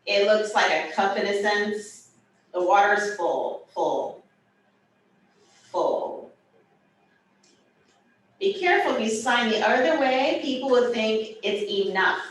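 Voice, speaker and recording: Slow, playful woman teaching in an echoey room. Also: medium pitch. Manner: slow, animated, playful explanations. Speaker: sign language teacher. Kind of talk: teaching a hybrid class, demonstrating signs. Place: classroom, in person and over video call. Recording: roomy echo, far from the mic, faint room noise.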